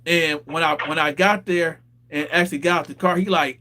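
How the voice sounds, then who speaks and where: A man hosting a casual talk show, telling a street story with lively acted-out quotes. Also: on the high side, a little fast. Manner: animated storyteller, acts out quoted voices. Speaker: host.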